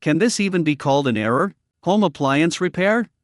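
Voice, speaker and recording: A stunned company boss, incredulous and rambling, with a slightly high, animated voice, as a man reads him in a storybook-style recap. The sound is dry. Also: normal speed, no echo, close to an everyday voice.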